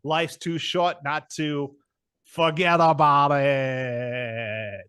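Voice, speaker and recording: A brash, chummy Brooklyn dude with a thick put-on New York accent, as a man acts him out for improv comedy. He swaggers and leans on one catchphrase over and over. His voice sits a little high. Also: steady tone, very slow, fairly bright tone, smooth. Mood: swaggering. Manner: keeps repeating a catchphrase, swaggering. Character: brash laid-back Brooklyn guy, loud and chummy.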